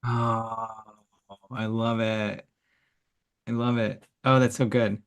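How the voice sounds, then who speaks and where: Gravelly encouraging man hosting workshop. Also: lowish voice, little pitch movement, slow pace. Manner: enthusiastic, encouraging. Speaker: workshop host. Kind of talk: online workshop feedback. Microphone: video call.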